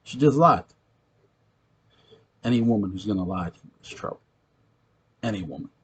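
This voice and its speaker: A man's voice: fairly low pitch, expressive, moderate pace, dull audio, slight background noise. A young man with a New York accent, playing an ex-convict who tells a streetwise, profane story of a ghostly encounter in a gritty manner. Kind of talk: acted monologue, recounting a tale.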